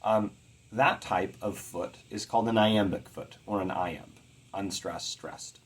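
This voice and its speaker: A middle-aged man teaching about poetic meter in an earnest, measured way, carefully stressing his words. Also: lowish voice, steady tone, breathy edge. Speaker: poetry teacher.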